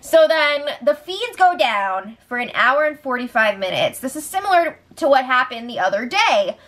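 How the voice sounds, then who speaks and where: A woman's voice: high-pitched, very animated, normal speed, fairly bright tone. A woman hosting a casual reality show recap, blunt and often swearing.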